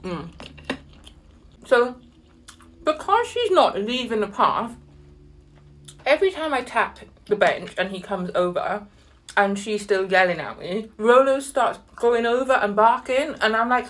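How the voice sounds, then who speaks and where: A woman telling an animated, exasperated story while eating, with sudden high-pitched outbursts and soft murmurs over her food. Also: a little slow. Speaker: vlogger.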